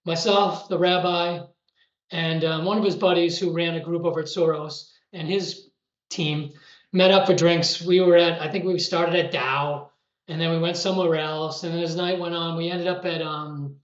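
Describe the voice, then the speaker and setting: A man's voice: fairly high pitch, steady tone, moderate pace. A middle-aged man tells a casual story in a chatty way, laughing to himself and restarting his sentences. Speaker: storyteller recounting trading days. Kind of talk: casual spoken anecdote. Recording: roomy, muffled recording.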